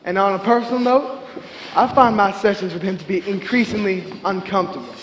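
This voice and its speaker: A proper, curious asylum doctor, played by a man on stage speaks in clipped, formal sentences. His voice sits high for a man. The long reverb of a theatre hall trails behind him. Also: background noise, close to an everyday voice. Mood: composed. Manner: formal, measured, clipped diction. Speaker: stage actor. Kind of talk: live stage acting.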